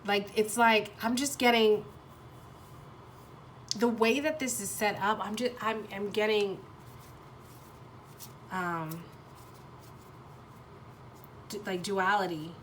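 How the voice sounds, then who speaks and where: Woman tarot reader, halting, self-correcting delivery, blunt and profane, mid-pitched, slight background noise. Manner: halting, restarts often, searching for words; blunt, swears freely. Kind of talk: pick-a-card tarot reading, thinking aloud.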